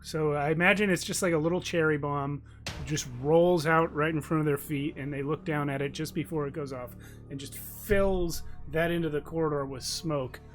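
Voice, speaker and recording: Fairly high-voiced man tabletop player. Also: steady tone, moderate pace, soft background music. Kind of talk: tabletop game play.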